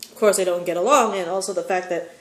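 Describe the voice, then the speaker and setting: A woman's voice: lowish voice, fairly even intonation, quick pace, a bit bright. Rambling woman in a roomy room. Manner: rambling, filler-heavy, opinionated. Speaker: episode recap vlogger. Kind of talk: casual episode recap. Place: sitting in a chair at home.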